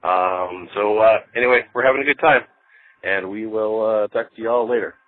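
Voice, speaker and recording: A man's voice: fairly low pitch, normal speed, no echo. A father calling in from an outdoor rail platform over the phone, chatting casually. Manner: casual, chatty, coaxing his young son. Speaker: caller, father. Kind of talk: phoned-in voicemail. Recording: tinny phone line.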